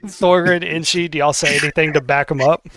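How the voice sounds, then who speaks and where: A man's voice: on the high side, fairly even intonation, brisk, a bit bright, no echo. Hesitant man running a tabletop game. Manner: hesitant, with many fillers. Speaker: game master.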